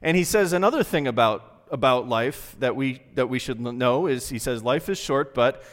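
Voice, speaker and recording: Earnest male pastor, echoing sanctuary. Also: mid-range voice. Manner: earnest, conversational preaching with dramatic pauses. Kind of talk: sermon. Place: church sanctuary. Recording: long reverb from a large hall.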